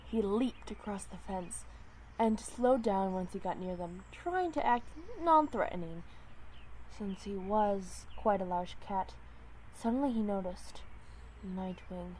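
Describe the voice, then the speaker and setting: A woman's voice: medium pitch, animated, measured pace, a little mellow, a little hiss or hum. A woman narrating a fan-made animal story in a hesitant way, correcting herself as she goes.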